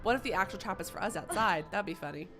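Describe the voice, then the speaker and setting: A woman commenting live as she plays a horror game, chatty and swearing, yelling at the characters. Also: medium pitch, lively intonation, fast, over music. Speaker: streamer playing a horror game.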